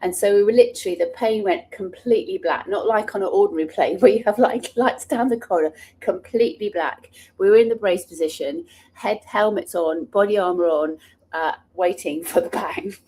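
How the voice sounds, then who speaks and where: A middle-aged woman, an author and speaker, tells personal stories earnestly and passionately, sometimes restarting her sentences. Her medium-pitched voice is mellow, slightly rough, and a little fast.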